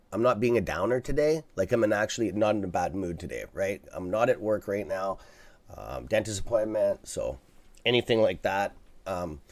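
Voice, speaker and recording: A man hosting a live stock market stream, talking casually and bluntly to his viewers, swearing freely and checking in with "okay?" as he rambles through restarts. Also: medium pitch. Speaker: livestream stock trading host.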